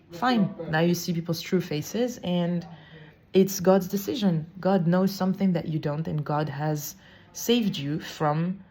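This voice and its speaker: A woman hosting a podcast, telling a personal story in a casual, expressive monologue with fillers slipped in. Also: on the low side. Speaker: podcast host.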